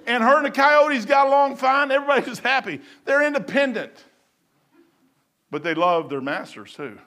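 A man preaching a casual sermon, rambling and folksy as he tells stories and reads scripture slowly. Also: very high voice, expressive. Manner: reads scripture slowly, then trails off quietly.

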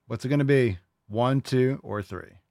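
A man's voice: mid-range voice, unhurried, vocal fry, a little mellow, no echo, clean studio sound. A male podcast host doing crude, mocking reaction commentary on video clips.

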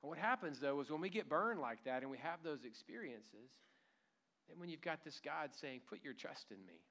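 Animated storytelling preacher man. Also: a little high, normal speed. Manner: animated storytelling, chuckles through lines. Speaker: pastor. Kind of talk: sermon.

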